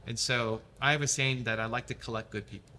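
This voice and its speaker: A man's voice: medium pitch, steady tone, fast, bright, forceful tone, a little hiss or hum. A man giving upbeat motivational advice as a guest in an interview. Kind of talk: casual interview chat.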